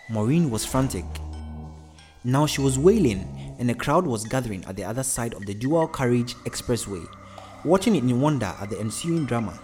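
A man's voice: medium pitch, expressive, normal speed, a little mellow, faint music behind. Man reading a storybook aloud. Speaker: narrator. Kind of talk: storybook narration.

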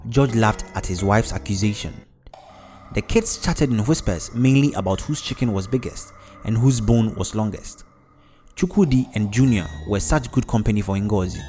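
A man narrating a story in a measured, even delivery. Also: on the low side, soft background music. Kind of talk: storybook narration with character voices.

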